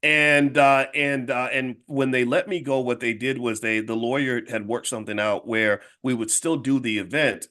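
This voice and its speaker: A middle-aged man tells a story from his own life in a casual, conversational way. His voice sits at an ordinary pitch for a man. He often stumbles, restarts and repeats words as he talks. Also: steady tone, normal speed, hardly any pauses, pushed and bright. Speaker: finance educator and channel host.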